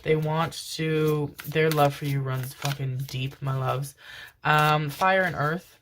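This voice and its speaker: A woman's voice: sits low, fairly even intonation, slow, slight background noise. Rambling, affectionate tarot-reading woman. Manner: affectionate, calls listeners "my loves", casual swearing; rambling, many fillers and restarts. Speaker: tarot reader. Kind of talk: tarot card reading to viewers.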